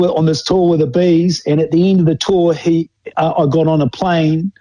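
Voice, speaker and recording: A man's voice: on the high side, fairly even intonation, moderate pace, dark tone, low-quality recording. A middle-aged man with a New Zealand accent, telling old rugby stories in a rambling, casual way and laughing often. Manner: rambling, laughs often, acts out quoted voices. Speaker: former rugby player guest. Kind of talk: casual storytelling interview.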